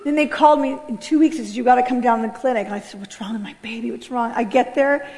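A middle-aged woman giving an animated spoken testimony in a church, acting out the voices in her story. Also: on the high side, fast talker. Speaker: testimony speaker. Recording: long hall reverb.

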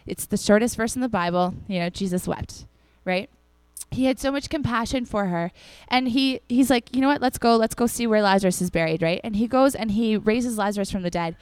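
A woman's voice: medium pitch, fairly quick, few pauses, clean tone, no echo. A young woman giving a casual, chatty sermon to a congregation, acting out the people in the stories as she tells them. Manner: chatty and animated, acts out the people in the story. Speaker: preacher.

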